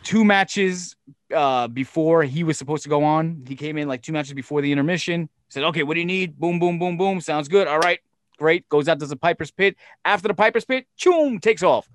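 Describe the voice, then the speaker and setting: A man's voice: fairly high pitch, brisk, no room sound. Swearing storyteller man, dry close mic. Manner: profane, animated, acts out quoted voices. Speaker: podcast guest telling stories. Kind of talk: casual storytelling chat.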